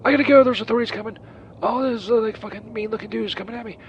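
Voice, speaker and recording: A man's voice: sits high, fairly even intonation, fast talker, muffled recording. A man playing a crude, sleazy Saint Peter who rambles and swears, calling in from outside a church. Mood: flustered. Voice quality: rambling, profane, full of ums and uhs. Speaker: caller on the show. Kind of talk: comedic phone-in bit. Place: outdoors near a church. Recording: noisy street with passing vehicles.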